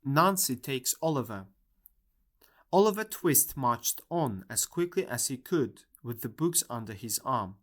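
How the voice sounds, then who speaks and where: A man narrates a classic novel in a steady, measured storytelling manner. His voice sits at an ordinary male pitch. The reading is an audiobook. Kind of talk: scripted narration.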